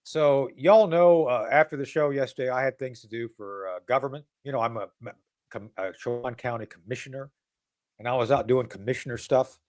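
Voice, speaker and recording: A man's voice: mid-range voice, fairly quick, darkish tone. A man hosting a casual political talk show. He rambles and mocks, with many restarts and asides.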